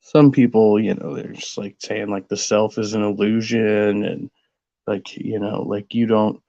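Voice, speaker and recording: A fairly low-voiced man talks casually to his viewers as host. He rambles and circles back with plenty of filler words. The sound is a bit muffled and lo-fi. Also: flat delivery, unhurried, mellow. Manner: rambling, filler-heavy musing. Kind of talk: casual livestream chat.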